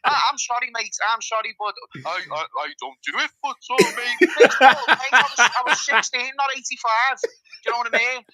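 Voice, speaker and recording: A man's voice: very high-pitched, fairly quick, over a noisy crowd, rough recording. A man calling in to a live fan show, teasing the host in an emphatic, playful way. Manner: teasing, emphatic, talks over others. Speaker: caller. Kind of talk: casual live show chat.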